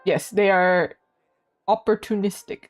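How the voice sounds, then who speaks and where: Giggly young woman chatting on stream. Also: a little slow. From Canada. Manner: chatty and giggly, lively swings in pitch. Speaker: art streamer. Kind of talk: casual live-stream chat. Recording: faint music behind.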